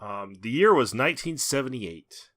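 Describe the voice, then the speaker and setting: Bright-voiced man co-hosting a podcast. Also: medium pitch, expressive, normal speed. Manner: reads out release details, laughs often. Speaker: podcast co-host. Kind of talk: casual podcast chat.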